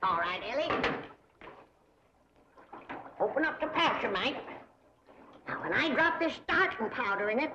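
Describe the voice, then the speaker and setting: A woman's voice: a little high, big pitch swings, normal speed. An actress playing a bossy older hillbilly grandmother, folksy and commanding, in a 1960s sitcom. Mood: coaxing. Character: bossy old hillbilly granny, charm maker. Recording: dull old TV soundtrack with hiss.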